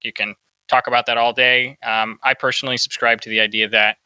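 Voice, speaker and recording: A man's voice: medium pitch, flat delivery, brisk, sharp tone, smooth, dry recording, low-quality recording. A man hosting a podcast, giving opinionated political commentary and asking "right?" often. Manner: opinionated, peppers talk with "right?". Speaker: podcast host.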